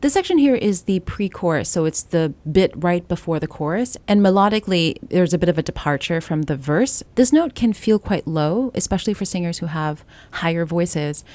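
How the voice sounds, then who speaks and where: A woman voice coach teaching a song, explaining calmly and singing short example lines. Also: on the low side, normal speed, few pauses, no room sound. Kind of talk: singing lesson.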